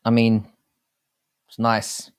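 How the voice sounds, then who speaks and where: A man's voice: fairly low pitch, completely flat delivery, slow, clear, resonant tone. A young man hosting a casual live chat, reading viewer comments aloud, over-enunciating his words and swearing freely in crude banter. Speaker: livestream host.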